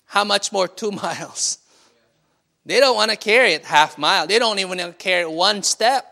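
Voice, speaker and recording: A man's voice: sits high, normal speed, creaky, sharp tone. A man preaching a sermon as pastor, with frequent call-and-response and light laughter. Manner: call-and-response, asking "Amen?" and laughing often.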